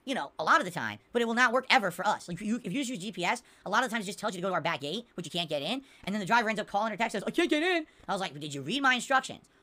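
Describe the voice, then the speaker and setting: A woman's voice: medium pitch, pushed and bright. A woman hosting a podcast from her room at home, ranting in a casual, exasperated way and answering viewers in the chat. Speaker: podcast host. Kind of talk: casual livestream rant.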